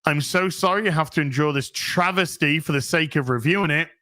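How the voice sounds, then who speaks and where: Bright-voiced man rambling on a livestream. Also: on the high side, fairly quick. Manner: rambling, with many restarts and swearing. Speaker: streamer host reading chat. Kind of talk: casual livestream chat.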